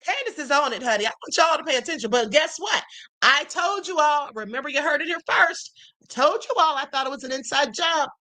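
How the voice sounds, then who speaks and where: A woman hosts a livestream in a high, bright voice, talking casually to her viewers. She reads messages aloud and picks them apart with emphatic rhetorical questions. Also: lively intonation, fairly quick, poor audio. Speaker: livestream host. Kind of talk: casual commentary reading texts aloud.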